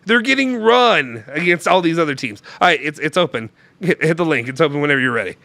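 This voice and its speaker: A young man hosts a loose, joking stream chat, rambling through restarts. His voice is bright and swings widely in pitch. It sits close and dry on the mic. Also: lively intonation, fast talker, vocal fry, no echo. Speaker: show host. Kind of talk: casual live-stream chat.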